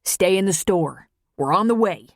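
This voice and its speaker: Woman narrator doing gruff small-town cop guy, bossy, firm, dry mic. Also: medium pitch, animated, normal speed, no echo, natural voice. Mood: commanding. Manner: firm, commanding. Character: gruff male small-town sheriff, commanding.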